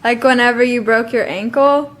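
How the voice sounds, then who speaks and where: A young woman interviewing her grandparents, soft-spoken, prompting with questions and laughing quietly. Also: fairly high pitch, moderate pace, slight background noise. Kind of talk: casual family interview.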